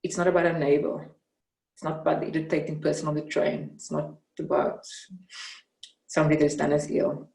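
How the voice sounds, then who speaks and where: A South African woman with a low voice talks in an earnest, reflective way, lively when she retells a scene. She sits some way from the mic in a room with a noticeable echo. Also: brisk, creaky. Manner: earnest, animated when retelling, frequent fillers. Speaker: interviewee, mentor. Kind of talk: reflective storytelling in conversation. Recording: roomy, from some distance off the mic.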